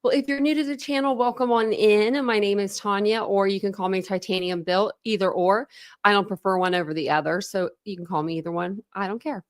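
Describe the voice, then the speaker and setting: A woman's voice: medium pitch, steady tone, brisk. A woman hosting a true crime livestream, chatting casually and greeting viewers by name between frequent laughs.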